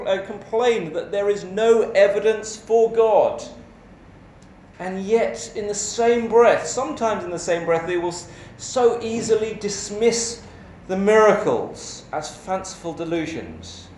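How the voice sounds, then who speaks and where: Slow, echoey male preacher. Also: high-pitched, a little mellow, slight background noise. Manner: measured, emphatic delivery with rhetorical questions. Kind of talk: sermon. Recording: echoey church hall with faint ambience.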